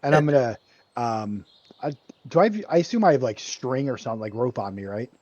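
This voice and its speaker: A man's voice: mid-range voice, lively intonation, fairly quick, darkish tone, no room sound, dull audio. A man playing a tabletop game, joking and hesitant with fillers. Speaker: player. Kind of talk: casual tabletop game play.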